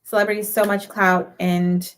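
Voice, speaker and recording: A woman's voice: medium pitch, flat delivery, moderate pace. A young woman co-hosting a casual podcast with a mid-range voice. She talks earnestly and agreeably, laying out her views. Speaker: podcast co-host. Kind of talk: casual chat.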